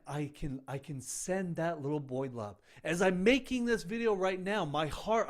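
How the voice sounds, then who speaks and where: A middle-aged man coaching other men in an earnest, emphatic self-help talk, speaking in short punchy phrases. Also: on the high side. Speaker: men's coach.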